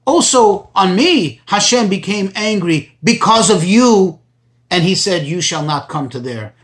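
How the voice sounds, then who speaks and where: Male rabbi, patient tutorial delivery, translates and repeats as he teaches. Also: on the high side. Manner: explains slowly, translating Hebrew phrases and restating points. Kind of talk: Torah study tutorial.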